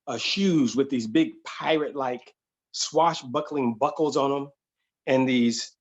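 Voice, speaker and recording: A man telling a funny true story to an audience, animated and conversational, slipping into voices. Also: mid-range voice, measured pace, breathy edge, highs cut off. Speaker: solo performer and storyteller. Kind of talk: comedic live-streamed storytelling.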